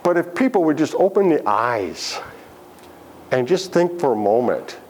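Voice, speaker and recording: A man's voice: on the high side, big pitch swings, unhurried, darkish tone. A man leading a Bible study class, asking the group questions and making joking asides. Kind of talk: interactive Bible lesson.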